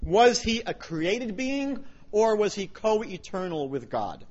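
A man's voice: high-pitched, very animated, slow pace, highs cut off. A man giving a public lecture on religion, emphatic, with wry asides.

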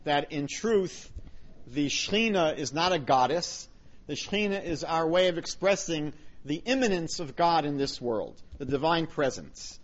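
A man's voice: on the high side, animated, measured pace, muffled recording. A man giving a public lecture on religion, emphatic, with wry asides.

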